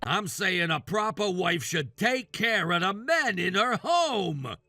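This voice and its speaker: A man voicing a demanding, sexist jobless brother-in-law in his thirties for a text message story, yelling orders and insults. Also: high-pitched, big pitch swings, slow pace, no room sound, faint music behind, exaggerated voice. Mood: angry. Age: 30s.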